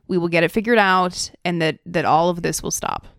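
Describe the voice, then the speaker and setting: Chatty woman co-host, smooth clear voice, dry close sound. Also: fairly low pitch, brisk, a bit bright, dry recording. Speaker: podcast co-host. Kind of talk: casual chat.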